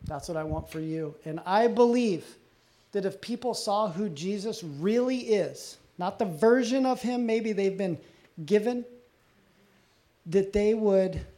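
A little slow in pace, this middle-aged pastor gives a sermon in an earnest, confessional way, frequently lowering to a soft, low voice in personal passages.

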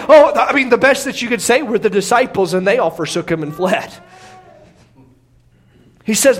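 A man with a strikingly high voice preaches through a passage, pressing his points with emphasis. He doubles up words as he goes and now and then lifts into a near shout. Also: moderate pace, long pauses. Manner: emphatic preaching, repeats words, bursts of raised voice. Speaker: pastor. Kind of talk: expository sermon.

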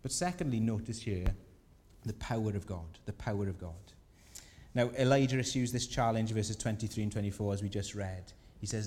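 A man preaching a sermon, telling a scripture story with lively voices for the people in it. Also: on the low side, normal speed. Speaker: pastor. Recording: long hall reverb.

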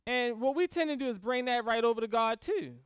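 A woman teaching a Christian class on grief in a lively, conversational way, often laughing and checking in with the class. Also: fairly high pitch, brisk, clean tone, dry recording, studio quality. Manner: animated, laughs often, acts out prayers in quotes; checks in with "right?" and "okay?".

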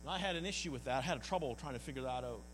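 A man's voice: medium pitch, racing, a bit bright. A man preaching a sermon as pastor, earnest and folksy, often stumbling and repeating words. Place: church hall. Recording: long hall reverb, mains hum.

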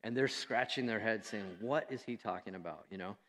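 Pastor preaching in a reverberant hall. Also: male voice, fairly low pitch, a little fast, fairly bright tone. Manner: conversational, self-deprecating, with fillers and acted-out quotes. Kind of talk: sermon.

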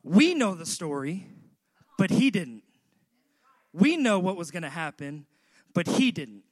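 Preacher guy, high bright voice, slow deliberate delivery, repeats lines and builds to shouting. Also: sing-song. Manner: rhythmic repetition, building to shouts. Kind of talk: sermon.

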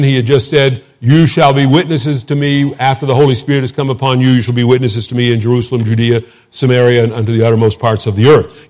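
A man with a Texas accent preaching a sermon, reading scripture slowly and adding relaxed, joking asides. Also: medium pitch. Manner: conversational, asides and self-deprecating humor; reads scripture slowly and deliberately.

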